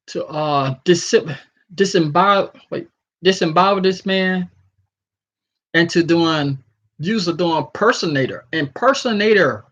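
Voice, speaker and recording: A man in a casual vlog, ranting loosely and stumbling over a word now and then, with a voice a little high for a man. The audio is dull and lo-fi. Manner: animated, freestyling rant with stumbles over words. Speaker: vlogger. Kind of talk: casual commentary and article reading.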